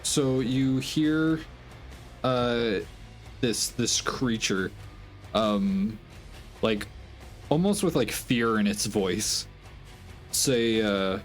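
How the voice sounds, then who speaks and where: A man's voice: medium pitch, lively intonation, drawn-out words, pauses often, faint music behind. A man acting as game master in a casual tabletop game, explaining rules and narrating scenes plainly.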